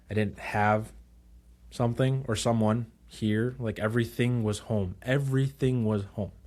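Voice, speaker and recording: A young man co-hosting a podcast, casually retelling a story, acting out quotes and switching into Spanish now and then. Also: lowish voice. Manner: animated retelling, acts out quotes. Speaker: podcast co-host.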